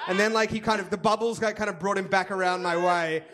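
A man's voice: sits high, fairly even intonation, fast, sharp tone. A man co-hosting a live comedy podcast on a theatre stage, telling a rambling story full of "like" and laughing at his own tale. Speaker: podcast co-host.

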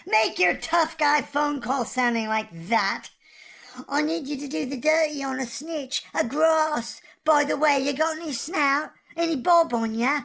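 A man voicing his character with a sped-up chipmunk pitch shift, smug and mocking. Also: measured pace, vocal fry, sharp tone, heavily acted. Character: Jack with a magically raised voice, gloating and teasing.

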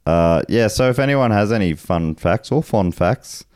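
A man's voice: fairly low pitch, expressive, moderate pace, darkish tone, clear, resonant tone, no room sound, clean studio sound. A man with an Australian accent hosting a podcast, chatting casually and laughing easily as he reads out listener messages. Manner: easygoing, laughs often while reading listener messages. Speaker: podcast host.

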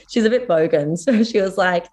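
A woman's voice: medium pitch, normal speed, darkish tone. A young adult Australian woman chatting casually as a podcast guest, telling a story and acting out the quoted lines. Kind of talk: casual chat.

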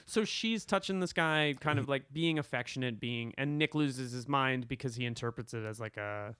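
Excited, joking man co-hosting. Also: mid-range voice, smooth, no room sound, studio quality. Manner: excited, joking, quick banter. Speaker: podcast co-host. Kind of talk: casual film discussion.

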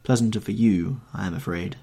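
Man doing a wistful devoted painter, earnest, pleading, gravelly low voice. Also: fairly quick, warm tone. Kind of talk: audiobook character reading.

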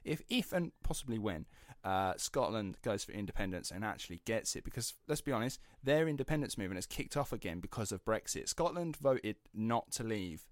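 A young man co-hosts a podcast and riffs in animated, cheeky banter with the odd swear word. His voice is on the low side for a man. The sound is close and dry. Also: a little fast, hardly any pauses, no echo. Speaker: podcast co-host. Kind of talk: casual banter.

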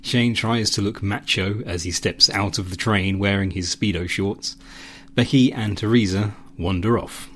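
A man's voice: on the low side, unhurried, few pauses, a bit bright. A man hosting a solo podcast, talking casually with hesitant fillers and reading his own story. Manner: hesitant, many ums and restarts. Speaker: podcast host.

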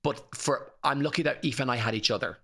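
A man's voice: mid-range voice, brisk, sharp tone. An Irish man in his forties, a guest telling personal stories openly and emotionally in an interview. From Ireland. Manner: open, tumbling storytelling.

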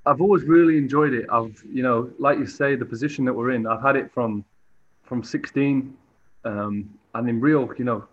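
A man's voice: medium pitch, moderate pace. Hesitant man on dull lo-fi audio. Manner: hesitant, lots of fillers and restarts. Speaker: guest, football goalkeeper. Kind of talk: relaxed sports interview.

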